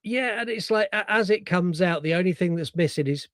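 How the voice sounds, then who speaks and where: A man co-hosting a podcast in a fairly high voice, talking loosely and excitedly about a film. He swears freely and acts out lines from it, and the sound is dry and close. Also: fairly quick, dry recording. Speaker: podcast co-host. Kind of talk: casual film review chat.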